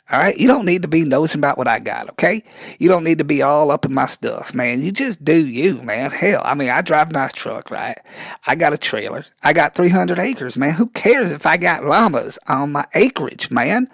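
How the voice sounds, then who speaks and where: A man's voice: fairly high pitch, vocal fry, no room sound. A man playing a scrawny, rambling man from rural with thinning hair, who says "man" after every phrase and trips over his words. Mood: riled up. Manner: stumbles on words when talking fast; touchy, easily riled up.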